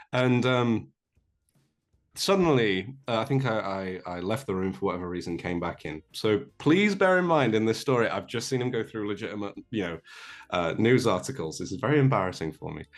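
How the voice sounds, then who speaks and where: A man's voice: fairly low pitch, big pitch swings, normal speed. A young English man, a guest on a remote call, telling a self-deprecating story in a rambling way, with many fillers and restarts. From England. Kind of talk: casual storytelling.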